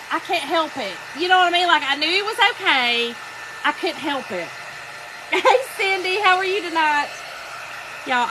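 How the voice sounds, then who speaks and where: Over a noisy background, a high-pitched woman chats casually while painting during her craft livestream, telling a story and saying hello to viewers by name.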